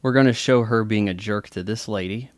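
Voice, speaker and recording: A man's voice: on the low side, brisk, dry recording. A man giving casual movie commentary with chatty, wry asides. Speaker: film commentator.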